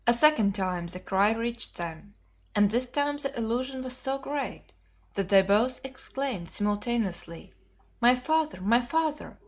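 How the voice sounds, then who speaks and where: A woman narrates in a steady, measured way, her voice set slightly high. The recording sounds dull and lo-fi. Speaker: audiobook narrator. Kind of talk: scripted narration.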